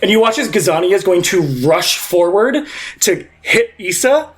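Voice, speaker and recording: A man's voice: high-pitched, animated, moderate pace. Rambling young man running a tabletop game. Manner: rambling, full of "like" fillers. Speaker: game master. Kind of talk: improvised tabletop game narration.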